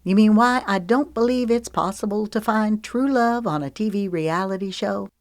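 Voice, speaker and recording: A woman's voice: medium pitch, normal speed, dry recording, pitched above the performer's own voice, natural voice. Woman narrator doing a guarded young female singer, rueful and teasing, dry booth.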